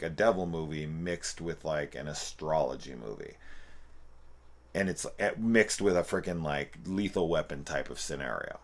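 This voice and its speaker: A man giving a rambling, profane and amused spoken movie review, with loose restarts and playful quoting of scenes. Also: deep voice. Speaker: film reviewer.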